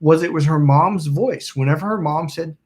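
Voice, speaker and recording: Speaking at a moderate pace, the man's slightly high voice carries a darkish tone. He hosts a self-help channel and spins a casual, wandering story, performing quotes and dropping the odd swear word, all indoors by a smoking candle.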